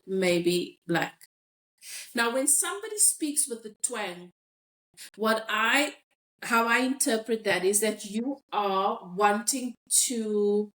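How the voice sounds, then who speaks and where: A South African woman hosting a podcast, talking things through thoughtfully and reading listener comments aloud. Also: medium pitch. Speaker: podcast host. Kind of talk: casual discussion.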